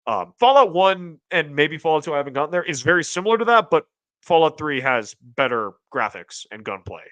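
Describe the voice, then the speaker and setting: A man hosting a casual livestream, reading chat aloud and rambling, with restarts and sudden excited jumps in pitch. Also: fairly quick, no echo, highs cut off. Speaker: streamer host reading chat.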